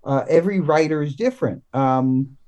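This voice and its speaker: A man, a guest comics writer, talking in a casual podcast interview, halting and full of restarts and fillers. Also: fairly high pitch, darkish tone, muffled recording.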